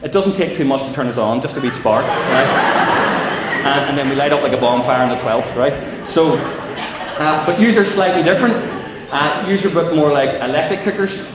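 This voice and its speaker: A man's voice: on the high side, normal speed, over a noisy crowd. A middle-aged Northern Irish man telling funny stories to teenagers, acting out voices and asides. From Northern Ireland. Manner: storytelling with acted-out voices and asides. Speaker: youth speaker. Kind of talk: humorous talk to teenagers. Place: large civic hall. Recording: echoey hall from far off.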